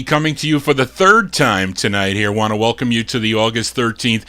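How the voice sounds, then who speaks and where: A man hosting a live record show of old singles, talking in a gruff, fed-up way as he introduces each song in detail. His voice is bright and forceful, and his pitch sits in an ordinary middle range for a man. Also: lively intonation, normal speed, few pauses. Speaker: radio show host and record DJ. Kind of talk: live oldies show patter.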